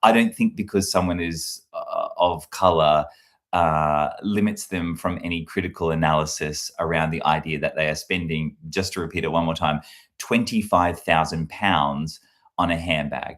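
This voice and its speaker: A deep-voiced man talks to camera as a comedy creator. He muses in a rambling, reflective way, full of filler words and false starts. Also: fairly even intonation, normal speed, a bit bright. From Australia. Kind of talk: casual talk to camera.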